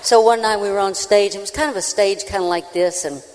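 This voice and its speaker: A woman, a country singer, tells a funny story onstage in a folksy, animated way. Her voice sits mid-range for a woman. A long reverb from the large live hall follows her words. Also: medium pitch, brisk, slight background noise. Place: live stage before an audience.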